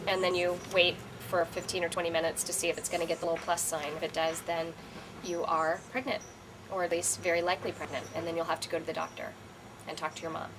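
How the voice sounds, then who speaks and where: A woman's voice: on the low side, little pitch movement, fast talker, noisy background. A middle-aged woman co-hosting an advice chat, explaining things in a reassuring, motherly way. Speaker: co-host giving advice.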